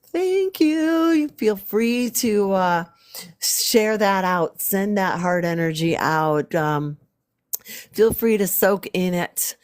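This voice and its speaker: Slow, meandering woman on a spiritual livestream. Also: fairly low pitch, smooth. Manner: meandering, repeats phrases, frequent ums. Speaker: spiritual artist and healer. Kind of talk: casual spiritual livestream talk.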